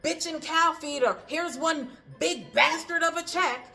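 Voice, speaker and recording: A woman's voice: unhurried, vocal fry, sharp tone, faint music behind, heavily acted. A woman voicing an obsessive middle-aged woman nurse with a volatile temper, retelling a film scene. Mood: outraged. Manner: shrill, outraged, then pleading.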